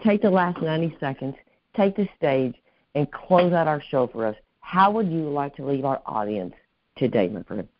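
With a fairly high, animated voice at a moderate pace, a man hosts a casual interview podcast. He's effusive, thanks people warmly, and keeps adding "right?" to what he says. The sound quality is lo-fi.

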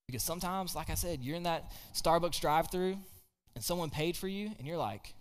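A man giving a casual, conversational sermon, telling a Bible story and dropping his voice low at key points. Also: brisk, long reverb tail. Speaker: preacher.

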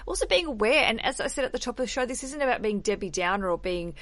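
A woman's voice: on the high side, lively intonation, quick pace, a bit bright, no room sound. A woman hosting a podcast, chatting candidly and swearing casually. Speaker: podcast host.

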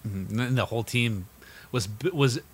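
A man's voice: medium pitch, moderate pace, slightly rough. A young man co-hosting a casual sports podcast, rambling and restarting his sentences, swearing freely. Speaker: podcast co-host.

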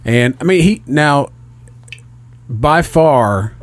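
A man's voice: a little high, lively intonation, extremely slow, dry recording. Male podcast host, middle-aged, profane storyteller, dry booth sound. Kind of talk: casual chat.

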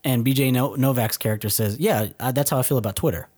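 A man's voice: medium pitch, fast talker, a little mellow. A young man from Texas co-hosting a podcast, enthusiastically discussing a film and quoting its lines. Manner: enthusiastic, quotes lines, some restarts. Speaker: podcast co-host. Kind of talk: casual film chat.

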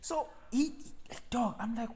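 A man's voice: very high voice, takes it slowly, slightly rough. A young man with a South African accent, switching between Zulu and English as he tells a story in casual chat, laughing now and then. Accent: South African, mixing Zulu and English. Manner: animated storyteller, laughs mid-story, drops voice for quoted lines.

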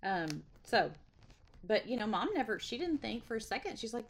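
A woman's voice: a little high, big pitch swings, moderate pace. A middle-aged woman, hosting a casual devotional livestream in a chatty, folksy way with frequent laughs. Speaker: devotional host. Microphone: webcam or phone livestream.

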